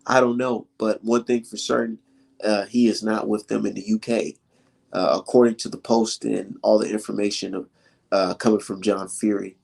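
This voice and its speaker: A man's voice: lowish voice, little pitch movement, normal speed, creaky, a little mellow, husky. A man rants about boxing in a loose, casual commentary. He is heated and profane and keeps throwing out rhetorical questions, with short laughs between his points.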